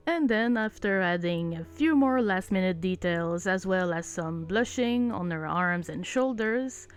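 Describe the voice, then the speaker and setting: A woman's voice: lowish voice, unhurried. A woman with a French Canadian accent narrating her doll-making video in a chatty, sincere, self-deprecating way. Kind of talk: voice-over narration of a craft video. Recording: voice-over with faint background music.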